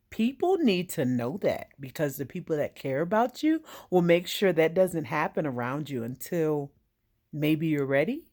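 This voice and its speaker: A woman's voice: deep voice, sing-song, measured pace, a little mellow. A woman and veteran speaking straight to the viewer, giving direct, emphatic advice in an earnest monologue. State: getting emotional.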